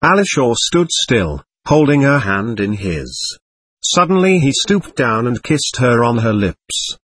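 A man narrating a novel aloud in a measured, expressive reading. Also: medium pitch, slightly rough, dry recording. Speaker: audiobook narrator. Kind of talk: scripted narration.

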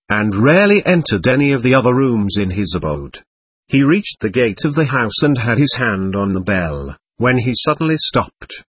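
A man's voice: medium pitch, breathy edge, no echo. A man narrating a classic novel aloud, reading steadily and giving the dialogue light voicing. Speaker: audiobook narrator. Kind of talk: scripted narration.

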